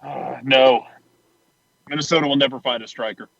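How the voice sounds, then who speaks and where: Bright, blunt male co-host, lo-fi line. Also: medium pitch, fairly even intonation, moderate pace, creaky, no room sound. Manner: blunt, joking takes. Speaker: podcast co-host. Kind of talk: casual sports chat. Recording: dull lo-fi line with faint noise.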